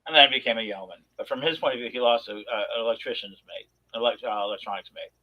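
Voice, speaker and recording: A man on a talk show telling a long personal story in a rambling, animated way, with many restarts. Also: medium pitch, fast talker, highs cut off. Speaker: podcast co-host. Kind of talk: casual storytelling chat.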